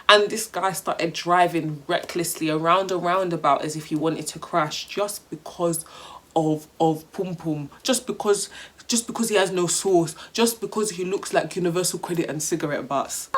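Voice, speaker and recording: A young woman with a London accent telling a storytime vlog in an animated, slangy way, swearing freely. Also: on the low side. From England. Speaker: vlogger.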